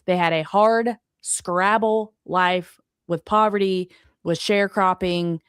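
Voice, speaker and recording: A woman's voice: lowish voice, fairly even intonation, takes it slowly, clean tone, no room sound, clean studio sound. A woman podcast host talking casually on a remote call in an agreeable, affirming way. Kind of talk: casual conversation. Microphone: remote streaming call.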